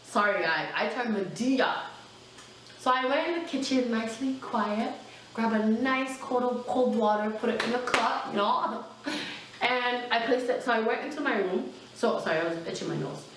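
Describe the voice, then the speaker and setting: A young adult woman telling a personal storytime in a casual, animated way, full of fillers and asides. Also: fairly high pitch, normal speed, far from the mic, slight background noise. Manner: chatty, animated, lots of fillers. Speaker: vlogger. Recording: very echoey room, mic set back.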